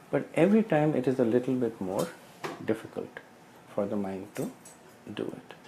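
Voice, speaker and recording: A man's voice: mid-range voice, mellow, a little hiss or hum, poor audio. A man sharing realizations in a scripture study group, hesitating often and explaining through everyday analogies. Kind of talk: casual spiritual sharing.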